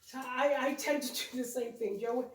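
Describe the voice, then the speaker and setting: In a high, steady voice at normal speed, the co-host of a home decorating channel rambles chattily through her holiday vlog, correcting herself now and then. The decorated-tree room echoes, the mic is distant, and a faint hiss or hum is audible.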